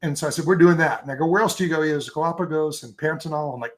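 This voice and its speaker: A man in a relaxed interview, rambling happily through his stories with plenty of ums and restarts. His voice sits on the higher side for a man. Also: very fast, slight background noise. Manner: enthusiastic, rambling storyteller with many fillers. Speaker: photographer guest. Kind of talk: casual interview chat.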